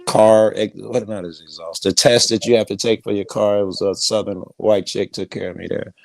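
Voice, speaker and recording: A man's voice: on the low side, normal speed, vocal fry, dry recording. A man from Chicago telling stories in a casual, profane panel chat. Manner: profane, animated storytelling.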